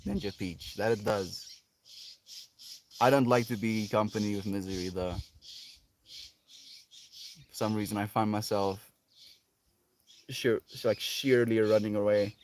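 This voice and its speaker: A man livestreaming from a home setup, chatting reflectively with his viewers, often laughing and trailing off into soft asides. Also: lowish voice, fairly even intonation, measured pace, pauses often, slight background noise. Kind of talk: casual livestream chat reading viewer comments.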